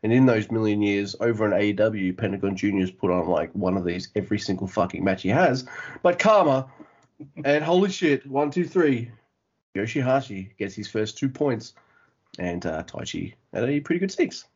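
A man's voice: lowish voice, animated, moderate pace, a little mellow, slightly rough. A man chatting casually on a podcast, wandering through his thoughts with plenty of swearing and restarts. The audio is a little dull and lo-fi. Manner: rambling, profane, frequent restarts. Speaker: podcast co-host.

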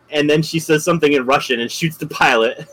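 A man's voice: a little high, normal speed, fairly bright tone, low-quality recording. A man on a podcast, casually retelling a film's scenes and laughing often as he talks. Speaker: podcast co-host. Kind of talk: casual movie discussion.

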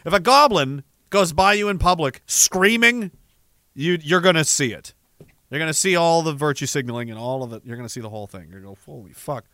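A man rambles through viewer messages on his livestream, sardonic and quick to swear. His voice sits a little high for a man and has a bright, forceful edge. The sound is dry and close, with no room around it. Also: lively intonation, no echo. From Canada. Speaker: livestream host. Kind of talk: casual livestream chat reading viewer messages.

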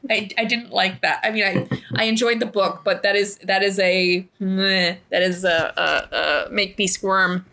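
A young woman chatting casually about a book she has just read. Her voice is bright and clear, and she talks in a rambling, animated way, breaking off into groans, sighs and restarts. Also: mid-range voice, a little slow, hardly any pauses. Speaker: book club podcast co-host.

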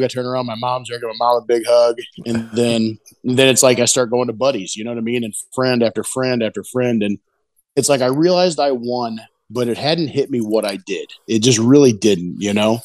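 A middle-aged competition barbecue pitmaster tells a rambling, excited story in a casual interview, often tossing in "you know what I mean." His pitch sits in the middle, and the recording is dry.

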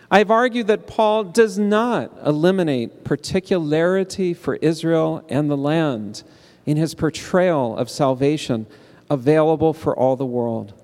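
Man lecturing with lively rhetorical questions. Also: a little high. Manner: engages audience with call-and-response; rhetorical questions with rising emphasis. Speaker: speaker presenting a paper. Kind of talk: academic lecture. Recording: long hall reverb.

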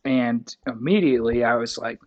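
A man's voice: mid-range voice, normal speed, muffled recording. A young man from Wyoming, telling a story as an interview guest in a folksy, rambling way with many self-corrections.

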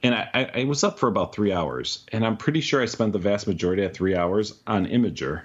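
Male podcast co-host, deep and husky, easygoing and rambling, dull lo-fi sound. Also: lively intonation, a little fast. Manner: laid-back, rambling, swears casually. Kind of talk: casual chat.

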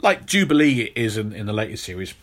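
A man's voice: on the low side, very animated, quick pace, a bit bright. A man hosting a podcast, telling a long story in casual chat and often restarting his sentences. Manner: storytelling, repeats words when restarting. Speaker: podcast host.

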